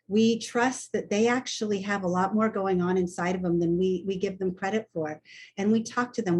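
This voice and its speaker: A woman's voice: mid-range voice, darkish tone, breathy edge. An older woman, a hospice nurse, talking frankly and plainly as a guest on a video call. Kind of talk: casual chat on a video call.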